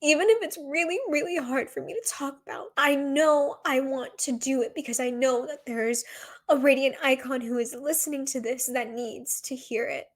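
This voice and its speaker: A woman's voice: high voice, fairly even intonation, normal speed. A woman in her twenties hosting her own podcast, talking in an earnest, reflective way and asking herself many rhetorical questions. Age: 20s. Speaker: podcast host. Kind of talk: solo podcast talk.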